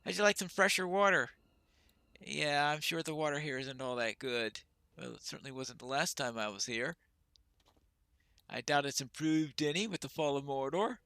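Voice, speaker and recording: A man's voice: mid-range voice, normal speed, fairly bright tone, smooth, no room sound. A man casually commenting while playing a game, with wry, chuckling asides. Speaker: gamer narrating a playthrough.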